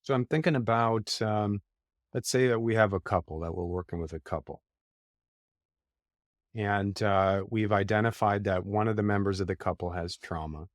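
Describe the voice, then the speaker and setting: A man's voice: fairly low pitch, fairly even intonation, moderate pace, dry recording, studio quality. A man hosting a podcast interview who lays out a clinical case step by step in a methodical way. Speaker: podcast host.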